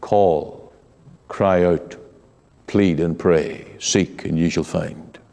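A man preaching a sermon in an earnest, pleading way, slow and deliberate, with quiet drops. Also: low-pitched, fairly even intonation, gravelly, long reverb tail.

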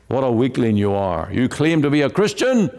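A man's voice: mid-range voice, very animated, moderate pace, darkish tone, big-room sound, pitched above the performer's own voice. A man voicing the devil as a taunting accuser who mocks and scorns. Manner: mocking, scornful questioning.

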